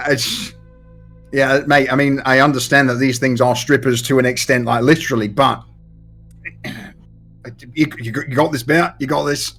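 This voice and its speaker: A man's voice: medium pitch, fairly even intonation, normal speed, fairly bright tone, faint music behind. A man playing a tabletop role-playing game, bantering and joking with the table. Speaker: player. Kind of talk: casual tabletop play.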